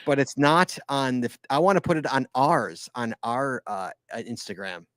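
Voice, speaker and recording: A man hosting a live podcast, chatting casually and teasing his co-host with quick laughs and repeated words. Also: medium pitch, fairly bright tone, no echo.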